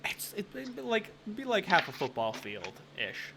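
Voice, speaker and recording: A man's voice: high voice, wildly swooping pitch, normal speed, vocal fry, noisy background. A man running a tabletop game as game master, talking casually with lots of filler and frequent swearing.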